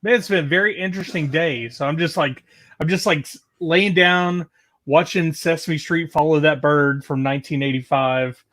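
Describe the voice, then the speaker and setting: A man's voice: fairly high pitch, normal speed, a bit bright. Laid-back, rambling male co-host. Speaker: show co-host. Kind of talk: casual livestream chat.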